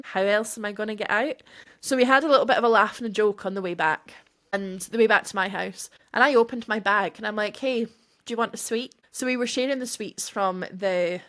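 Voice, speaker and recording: A woman hosting her own podcast tells a personal story. She talks in an animated way and acts out each quoted line. Her voice sits at a middle pitch. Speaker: podcast host.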